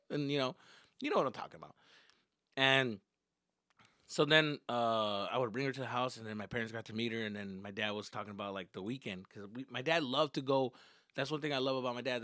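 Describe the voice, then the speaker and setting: A man's voice: medium pitch, sharp tone, dry recording, studio quality. A male comedian telling casual, profane childhood stories and slipping into Spanish at times. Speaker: stand-up comedian. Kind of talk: comedic storytelling.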